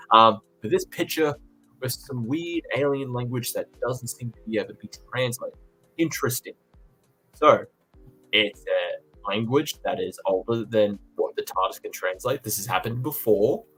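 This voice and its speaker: Low-voiced teasing male co-host. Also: a bit bright, husky. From not American. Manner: teasing, laughs often. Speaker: podcast co-host. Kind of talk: casual live-stream chat.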